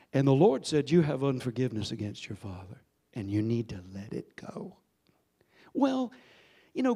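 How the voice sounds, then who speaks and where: Preaching in a church sanctuary, this sixty-something pastor tells a story, swinging abruptly between quiet and loud delivery and urging the congregation to respond. His voice sits on the high side.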